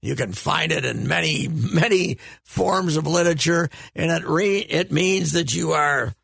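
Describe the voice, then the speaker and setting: Gravelly older man, loud and animated. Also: a little high, a little slow, no echo, clean studio sound. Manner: animated storytelling, bursts into loud emphatic exclamations. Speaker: sports radio regular. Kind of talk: casual chat.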